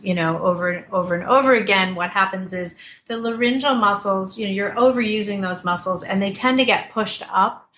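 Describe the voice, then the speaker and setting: Bright, chatty woman vocal coach. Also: medium pitch, a little hiss or hum. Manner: animated, chatty, many fillers and restarts. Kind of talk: remote interview, explaining technique. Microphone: desktop computer mic at a distance.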